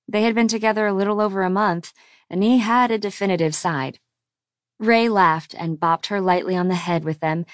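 A woman narrating an audiobook in a calm, even storytelling voice. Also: fairly low pitch, no room sound, studio quality.

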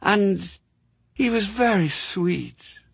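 A man's voice: sits high, slow, slightly rough, no room sound, voice pushed up, heavily acted. A man doing a dazed, hollow-voiced ex-nun. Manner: hollow, wistful, dreamy. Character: middle-aged woman, dazed ex-nun in a trance. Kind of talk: audiobook character voice.

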